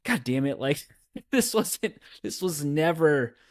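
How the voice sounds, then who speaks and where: Speaking slowly with big pitch swings in a fairly high voice, a young adult podcast co-host chats casually. He rambles, restarts constantly, and pokes fun at himself.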